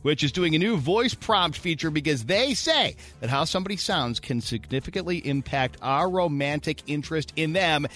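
A male morning radio host with a high, bright voice that jumps all over the place. He jokes with his co-hosts and takes calls from listeners, with faint music in the background. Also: normal speed, hardly any pauses. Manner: lively, jokey, animated delivery.

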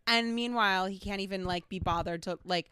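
A woman's voice: medium pitch, a little fast, pushed and bright, smooth, no echo. A woman co-hosting a casual podcast, sarcastic and dry, full of "like". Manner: sarcastic, dry, fond of filler "like". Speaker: podcast co-host. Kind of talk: casual chat.

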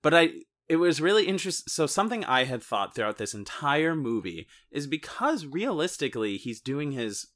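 A man's voice: fairly high pitch, sing-song, moderate pace, hardly any pauses, fairly bright tone. A man co-hosting a casual podcast, talking through a movie in rambling, self-interrupting sentences with joking asides. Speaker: podcast co-host. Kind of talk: casual movie-recap chat.

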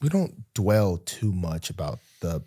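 A man's voice: low voice, measured pace, slightly rough. Laid-back young man rambling in casual chat. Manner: relaxed, rambling, many fillers and restarts. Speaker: podcast co-host, pro football player.

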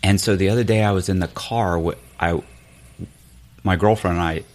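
Deep-voiced man telling a story. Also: normal speed. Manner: animated, acts out quoted dialogue with high-pitched voices; loose and rambling with restarts. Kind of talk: casual storytelling chat.

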